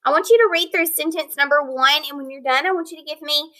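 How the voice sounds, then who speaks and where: Woman, phonics teacher, high bright voice, patient and encouraging. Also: poor audio. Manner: slow, clear, encouraging teacher talk, sounding out words. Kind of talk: recorded phonics lesson for children.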